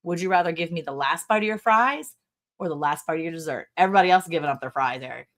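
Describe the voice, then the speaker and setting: A middle-aged woman co-hosts a casual livestream, giggling often as she reads viewer comments aloud. Her voice is deep and expressive, and she speaks fast.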